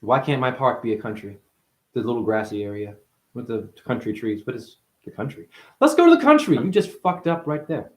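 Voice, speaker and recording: Guy ranting spiritual stuff, swears a lot, punny wordplay, calls you honey, mid-pitched, echoey room. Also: moderate pace. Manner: stream-of-consciousness wordplay, profane, calls listener honey; jumps from mutters to excited loud outbursts. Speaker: spiritual speaker. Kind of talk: rambling monologue. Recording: roomy echo.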